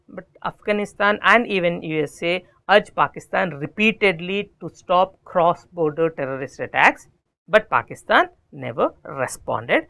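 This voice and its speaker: A woman teaching vocabulary, explaining each word slowly with synonyms and examples. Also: fairly low pitch, creaky, fairly bright tone. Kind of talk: recorded vocabulary lesson.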